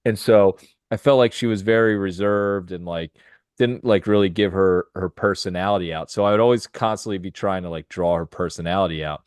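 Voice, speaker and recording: A man's voice: sits low, fairly quick, a little mellow, smooth, dry recording, clean studio sound. A young man co-hosting a podcast in casual chat, rambling with lots of fillers. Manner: rambling, filler-heavy, laughs easily. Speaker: podcast co-host.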